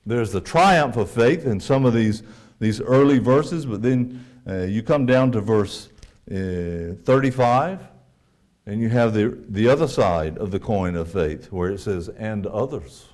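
A man preaching a sermon, earnest, climbing to emphatic peaks and then dropping quiet, reading scripture in a measured cadence. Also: on the low side.

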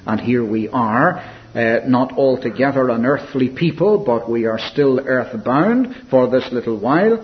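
Animated male preacher, lo-fi recording. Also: mid-range voice. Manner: earnest, reflective preaching with soft, slowed quotations. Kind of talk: sermon. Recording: dull lo-fi recording with faint hiss.

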